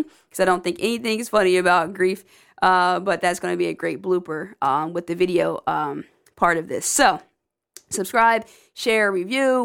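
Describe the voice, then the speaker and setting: A woman's voice: medium pitch, smooth. A woman hosting a podcast, talking to listeners in an upbeat, encouraging way. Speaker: podcast host. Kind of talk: casual podcast monologue.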